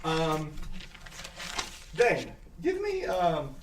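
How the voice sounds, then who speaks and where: A man, narrating a tabletop game as game master in an excitable, animated way. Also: fairly high pitch, roomy sound, distant mic, very noisy. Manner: animated, excitable, quick asides.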